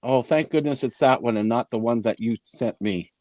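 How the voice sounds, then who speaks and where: A man's voice: mid-range voice, normal speed, warm tone, no room sound. A man from New Mexico co-hosting a casual video call chat, joking and easygoing.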